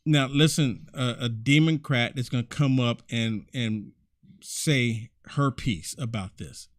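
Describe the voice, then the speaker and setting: A man's voice: mid-range voice, takes it slowly, no room sound, clean studio sound. A man hosting a commentary video, preachy and exclamatory, often repeating himself as he reacts to clips. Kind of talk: indignant commentary over clips.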